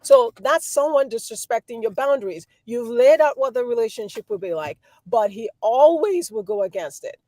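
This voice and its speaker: A woman in her thirties, a guest, explaining calmly and giving everyday examples. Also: on the high side, no room sound. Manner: measured, gives examples, repeats words. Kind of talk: explanatory talk.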